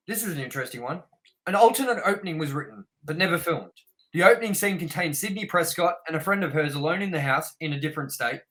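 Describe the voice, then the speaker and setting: A young man co-hosting a casual film review podcast, blunt and animated as he reads out trivia. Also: on the high side, low-quality recording. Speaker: podcast co-host.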